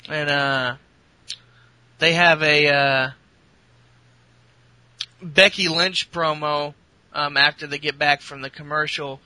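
A man recapping in casual chat, rambling with lots of fillers and crude humor. His voice is very bright and cutting. The sound is dry and close, with no room around it. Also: a little high, fairly even intonation, takes it slowly, pauses often, no echo, rough recording. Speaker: podcast host.

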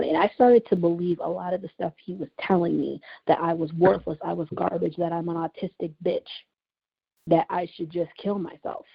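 A podcast host and writer recounts a painful personal story in an earnest, emotional monologue, repeating herself for emphasis. Her lowish, husky voice has vocal fry, fairly even intonation and a moderate pace, captured on a dull lo-fi recording.

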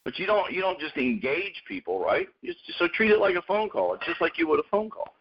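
A man's voice: high voice, sing-song, a little fast, gravelly, breathy edge. A man hosting a radio show, talking in a rambling, casual way and calling people dude and man. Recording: muffled lo-fi radio audio.

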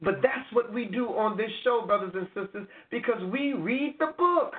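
A man's voice: extremely high pitch, lively intonation, moderate pace. A man co-hosting a Bible show, reading verses aloud and preaching directly to listeners. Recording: tinny phone-like audio.

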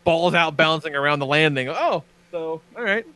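Podcast host, male, excitable and profane raconteur, very dry close mic. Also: a little high, normal speed, clear, resonant tone, no room sound. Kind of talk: casual chat.

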